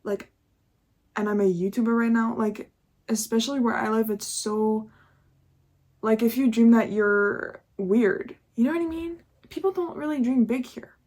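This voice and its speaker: A woman's voice: on the high side, moderate pace, a little mellow. A young woman talking candidly in a casual confessional vlog, chatty and full of swearing and laughter. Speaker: YouTuber.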